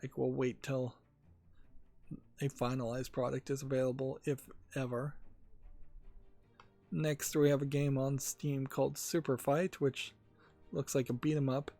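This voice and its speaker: A man hosting a gaming channel, talking casually about game news in a rambling, halting way with many fillers. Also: mid-range voice, flat delivery, warm tone, soft background music.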